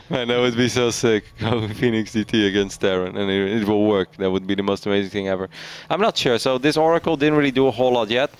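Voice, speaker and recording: A man's voice: on the low side, a little fast, clear, resonant tone. A man casting a live esports match, chatty and laughing often as he tells anecdotes. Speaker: esports caster.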